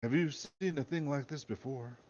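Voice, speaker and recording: A man voicing a sinister older Russian commander, speaking low, slow and deadpan with a put-on Russian accent. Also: close to an everyday voice. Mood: menacing. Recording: dull lo-fi recording.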